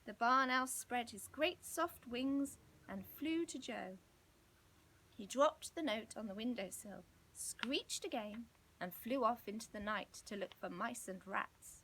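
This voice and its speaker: A woman reading a children's storybook aloud in an expressive, gently dramatic way. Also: a little high, takes it slowly, rough recording. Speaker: storybook reader.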